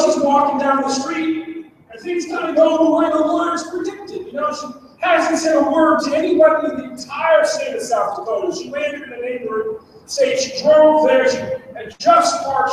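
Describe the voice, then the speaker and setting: A man giving a keynote speech as an animated storyteller who acts out the people he quotes. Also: very high-pitched, slight background noise. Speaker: conference speaker. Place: large hall. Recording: echoey hall from far off.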